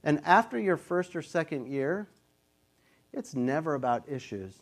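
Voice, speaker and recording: A man's voice: fairly high pitch, lively intonation, unhurried. A man in his fifties, a pastor, preaching a sermon in a casual, conversational way, sometimes acting out the voices he quotes.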